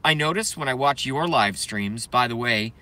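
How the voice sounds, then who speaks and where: Casual streamer guy, bright clear tone, loose rambling delivery, jokes around with chat. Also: mid-range voice, animated, normal speed. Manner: rambling, joking, reads chat aloud. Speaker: live stream host.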